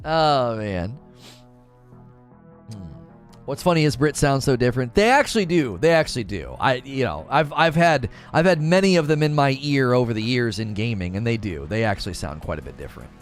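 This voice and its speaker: Animated American man hosting a stream. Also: mid-range voice. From United States. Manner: animated, laughs often, quick restarts. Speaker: streamer host reading chat. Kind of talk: casual live stream chat. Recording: faint music behind.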